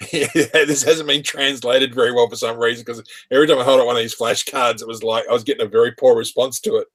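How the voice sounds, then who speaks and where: A man's voice: mid-range voice, fairly even intonation, brisk, fairly bright tone. A man telling rambling work anecdotes in casual chat, laughing often. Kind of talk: casual chat on a live stream.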